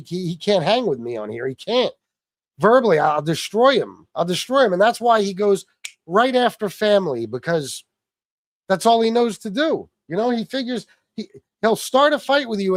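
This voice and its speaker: A man's voice: high voice, no echo, studio quality. Angry profane man ranting on a livestream. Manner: combative, profane, repeats himself. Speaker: livestream host.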